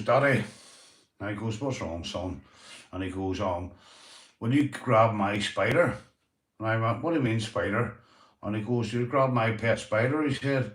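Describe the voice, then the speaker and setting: A man's voice: fairly low pitch, echoey room, distant mic. A Northern Irish man hosting a casual livestream, chatting to viewers and telling sweary stories. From Northern Ireland. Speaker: livestream host.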